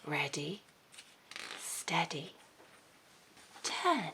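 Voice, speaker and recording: A high, lively woman reads a picture book to preschool children and leads them through movement games. She talks very slowly, in a bright, sing-song voice, with gasps of wonder and hushed whispers. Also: creaky. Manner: gasping, hushed whispers and excited cheering; sing-song, coaxing questions to young children. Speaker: children's storyteller host.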